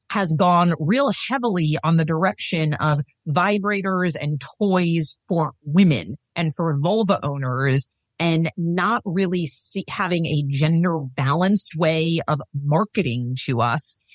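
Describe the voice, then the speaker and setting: A sex and intimacy coach appears as a guest on a podcast, speaking in a fairly low voice that is earnest and emphatic as she drives home her main points. She laughs easily yet stays serious, and the recording is dry and close with no room sound.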